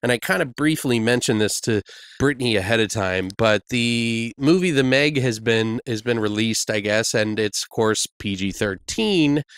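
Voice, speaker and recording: A man's voice: medium pitch, fairly bright tone, smooth, no echo, clean studio sound. A man hosting a horror podcast in casual chat, crude and jokey, laughing often. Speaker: podcast host.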